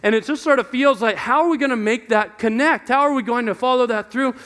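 A man's voice: very high-pitched, fairly quick, a bit bright. A young adult man preaching a conversational sermon, questioning himself aloud and acting out voices in quotes. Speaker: pastor.

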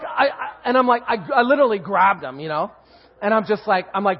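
A man in his forties tells his personal testimony to a church. He speaks with emotion and animation, laughing and swinging from hushed to loud. His voice sits high for a man, and the sound is dull and muffled. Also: expressive, fairly quick. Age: 40s. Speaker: guest speaker giving testimony.

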